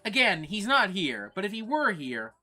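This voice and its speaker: A man's voice: sits high, big pitch swings, moderate pace, loud music behind the voice. Profane, rambling male streamer. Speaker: livestream host. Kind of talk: casual livestream chat. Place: record store.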